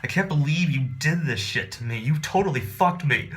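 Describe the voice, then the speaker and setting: A man's voice: on the high side, animated, moderate pace, voice pushed up, natural voice. A man quoting an angry aggrieved male student. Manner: complaining, profane.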